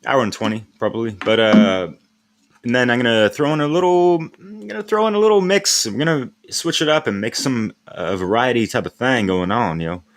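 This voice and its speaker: A man's voice: medium pitch, a little fast. A man hosting his own live stream in a casual, rambling way, using street slang and laughing often as he talks.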